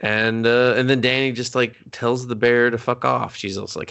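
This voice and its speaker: A man from Canada co-hosting a casual movie review chat, sarcastic and profane, slipping into quick mock voices for the characters. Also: mid-range voice, little pitch movement, vocal fry, fairly bright tone, smooth. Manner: sarcastic, swearing, acts out characters in quick asides. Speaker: podcast co-host.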